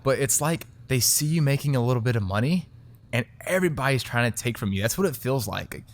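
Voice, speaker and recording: A young man, telling his story as a restaurant owner in a lively, casual interview, filling his talk with "like". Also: mid-range voice. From Texas. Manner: animated, quick storytelling full of "like". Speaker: restaurant owner and chef, guest.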